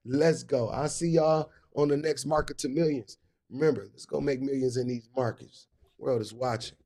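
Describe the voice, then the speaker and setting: A man's voice: medium pitch, fairly even intonation, moderate pace, warm tone. A man hosting a live business stream, talking in a hyped, repetitive way with casual slang. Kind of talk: motivational live talk.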